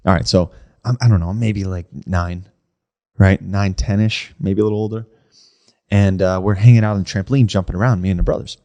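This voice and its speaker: Deep-voiced man telling a rambling story. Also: fairly even intonation, a little fast, dark tone. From New Jersey, USA. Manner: rambling storyteller, says "like" and "right?" often. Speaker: podcast co-host. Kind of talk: casual chat.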